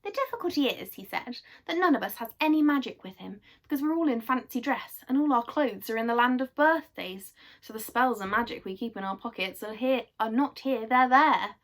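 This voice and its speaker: A woman's voice: a little high, expressive, brisk, hardly any pauses, a bit bright. A woman voicing a thoughtful old bearded man in a storybook, explaining earnestly.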